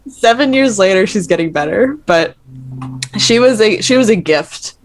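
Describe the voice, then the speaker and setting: A woman's voice: mid-range voice, animated, moderate pace. A woman who is a guest on a casual podcast, talking bluntly and playfully and laughing a lot.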